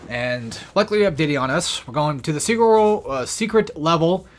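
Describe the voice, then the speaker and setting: A man's voice: a little high, lively intonation, brisk. A man doing casual, profane and rambling commentary over a video game, a little out of breath. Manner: rambling, profane, self-deprecating. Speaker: let's play gamer.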